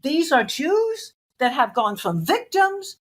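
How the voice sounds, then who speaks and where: A woman's voice: high voice, big pitch swings, slow pace. A woman interview guest giving intense, emphatic testimony, repeating phrases for weight.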